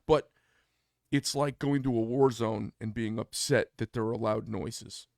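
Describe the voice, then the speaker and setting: A man's voice: on the low side, steady tone, unhurried, vocal fry, darkish tone, dry recording, clean studio sound. A man co-hosting a casual podcast, telling a personal story bluntly and acting out the quoted dialogue. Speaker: podcast co-host.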